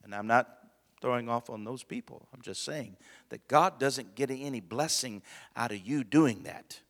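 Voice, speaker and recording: Guy pastor preaching, bright forceful voice, big echo from the hall, chatty, keeps asking for amens. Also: medium pitch, normal speed, gravelly. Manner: conversational preaching, calls for amens, chuckles often. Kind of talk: sermon. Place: church sanctuary. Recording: long church hall reverb.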